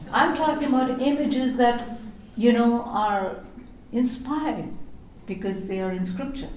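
A middle-aged woman giving a devotional teaching on prayer, telling stories expressively and slowing down to read scripture. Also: mid-range voice, a crowd in the background. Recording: echoey room.

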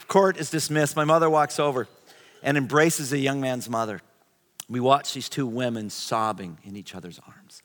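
A middle-aged pastor tells a story from the pulpit, his tone bright and a touch high for a man. He moves from lively telling to hushed near-whispers. His voice rings out through a large hall with long reverb. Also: brisk. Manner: animated, shifts to hushed whispers. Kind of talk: sermon storytelling.

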